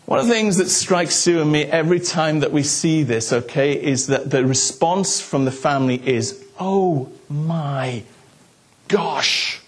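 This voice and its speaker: Husky pastor preaching. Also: male voice, on the high side, moderate pace, hardly any pauses. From Wales. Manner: chatty storytelling with asides to the congregation. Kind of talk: sermon.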